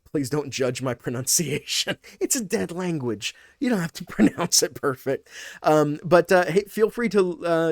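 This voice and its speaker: A man's voice: fairly high pitch, no room sound, clean studio sound. A man, a pastor, teaching a Bible passage in a casual video, thinking aloud with fillers and restarts.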